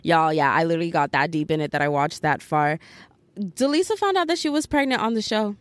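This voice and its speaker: A woman hosting a podcast in casual chat, telling a story in an animated, chatty way with lots of fillers. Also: deep voice, brisk, no room sound. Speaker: podcast host.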